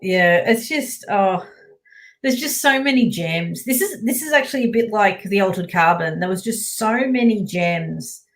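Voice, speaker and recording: Woman co-hosting a relaxed book chat. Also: medium pitch, normal speed. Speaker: book club podcast co-host. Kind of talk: casual chat.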